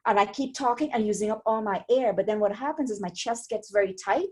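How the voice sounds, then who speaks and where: A woman, a stroke survivor telling her story as an interview guest in a rambling, animated way with many restarts. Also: mid-range voice, brisk, slightly rough. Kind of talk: casual interview chat.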